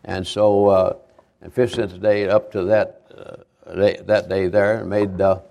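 A man's voice: low-pitched, flat delivery, vocal fry, mellow. Older man preaching folksy testimony. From Kentucky, USA. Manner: halting, repetitive, homespun storytelling. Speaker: visiting evangelist.

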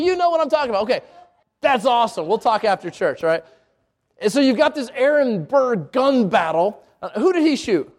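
A man with a high voice delivers a sermon in a relaxed, conversational way. He keeps turning to his listeners with questions and often doubles back over his words as he talks. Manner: conversational, asks the congregation questions, repeats words. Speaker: preacher.

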